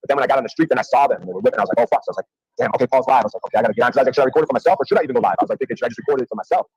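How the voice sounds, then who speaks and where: Husky guy rattling off a story super fast, lots of swearing, dry mic. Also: mid-range voice, a little mellow, dry recording, poor audio. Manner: rapid, profane, acts out quotes. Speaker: guest telling a story. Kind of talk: casual chat, storytelling.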